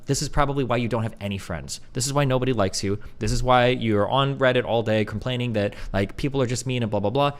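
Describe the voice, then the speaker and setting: A man in his thirties streaming, ranting bluntly and profanely to his chat, mocking others with put-on voices. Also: mid-range voice. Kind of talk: livestream rant to chat.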